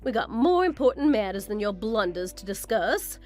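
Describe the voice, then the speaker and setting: A woman's voice: mid-range voice, big pitch swings, moderate pace, a little mellow, faint music behind, lightly acted. A woman voicing a vain, condescending mother-in-law in a scripted story drama. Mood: scornful. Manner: condescending, boastful, theatrical. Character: haughty vain older mother-in-law, scornful.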